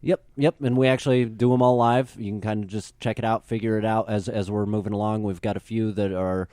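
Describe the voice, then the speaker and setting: Laid-back low-voiced man guest. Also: steady tone, fairly quick, dark tone, smooth, no echo, studio quality. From upper Midwest of the US. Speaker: podcast guest. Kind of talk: casual podcast chat.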